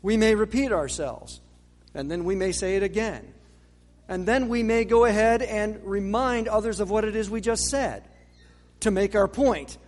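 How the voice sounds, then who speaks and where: A man preaching a sermon in a measured way, with dramatic pauses and rhetorical questions. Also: high-pitched, a little mellow. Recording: long reverb of a large hall.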